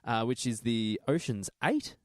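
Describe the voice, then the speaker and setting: A man chats casually as podcast co-host over a video call. His pitch swings freely and he talks in loose, self-correcting runs. The sound is dry, with no room echo. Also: unhurried. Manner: rambling, self-correcting, lively.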